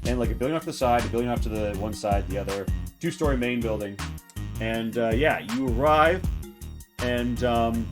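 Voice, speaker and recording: A man's voice: mid-range voice, a little fast, over music. A man running a tabletop game as game master, rambling through descriptions with many fillers.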